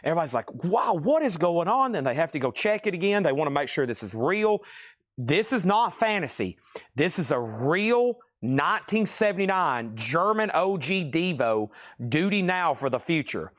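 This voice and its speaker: A man's voice: on the high side, very animated, a bit bright. Hyped man calling a live record auction. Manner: hyped, rapid auction patter with mock quoted reactions. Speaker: live sale host.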